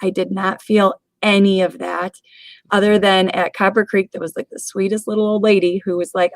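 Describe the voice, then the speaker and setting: A woman's voice: medium pitch, level tone, normal speed, creaky, dry recording. A woman co-hosting a podcast, talking in a chatty way with lots of "like" fillers. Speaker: podcast co-host. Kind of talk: casual podcast chat.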